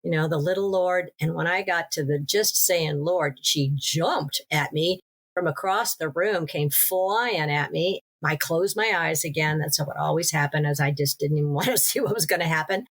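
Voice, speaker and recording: A woman, a podcast guest and author, telling her story in an interview in a lively way, with restarts. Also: low-pitched, normal speed. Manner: animated storytelling with laughs and restarts.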